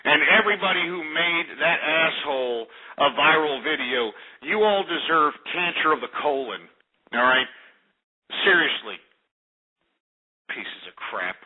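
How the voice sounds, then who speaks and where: A man's voice: on the high side, expressive, unhurried. A man hosting a call-in radio show, ranting and hurling insults at callers. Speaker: radio talk show host. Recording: lo-fi phone-like radio audio.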